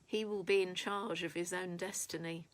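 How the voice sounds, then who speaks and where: A woman voicing a brisk, sharp female companion who speaks with incredulous force. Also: fairly low pitch, fairly even intonation, natural voice.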